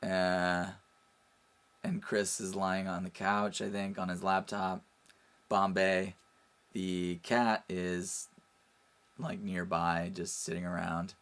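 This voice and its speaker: Male interviewee, relaxed rambling anecdote, low gravelly tone. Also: slow pace, pauses often. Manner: animated, laughing, says "like" a lot. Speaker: interviewee, friend of host. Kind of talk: casual storytelling.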